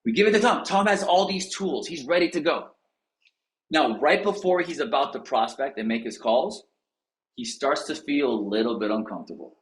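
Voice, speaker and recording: Animated male real estate coach. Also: medium pitch, normal speed. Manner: animated, storytelling, addresses audience directly. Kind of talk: motivational coaching talk. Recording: roomy echo.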